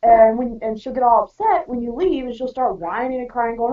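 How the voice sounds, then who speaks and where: A woman's voice: fairly high pitch, a little fast, far from the mic. A woman on a round table panel, talking bluntly and at length in casual chat. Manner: blunt, outspoken, rambling. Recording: dull lo-fi audio from off-mic.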